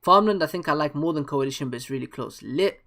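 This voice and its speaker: A young man reads a manga aloud and reacts in excited, casual slang. His voice sits a little high for a man, and he breaks into laughter often. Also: quick pace, soft background music. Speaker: manga reader.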